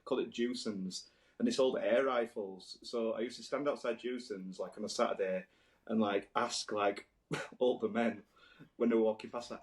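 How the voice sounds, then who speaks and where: A man's voice: lowish voice, steady tone, brisk, roomy sound, rough recording. Rambling man telling stories. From Halifax, England. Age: 30s. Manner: rambling, laughing, swearing, lots of "like". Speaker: podcast host. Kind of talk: casual storytelling chat.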